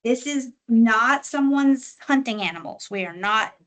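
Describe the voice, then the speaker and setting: A woman with a fairly high voice walks a board through code rules at a public meeting. She explains steadily and turns emphatic when she wants a point to be clear. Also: expressive, unhurried, a bit bright. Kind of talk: meeting discussion.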